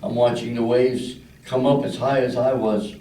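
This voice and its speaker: A man's voice: medium pitch, level tone, normal speed, warm tone, roomy sound, distant mic, rough recording. An older man from Philadelphia doing a crude stand-up routine, acting out the people in his stories. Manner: crude storytelling with voices for characters. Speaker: stand-up comedian. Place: club stage.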